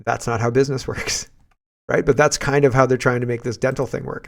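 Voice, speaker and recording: A man's voice: medium pitch, steady tone, fairly quick, gravelly. A man hosting casual political commentary, sarcastic and scoffing, laughing often as he reads and reacts.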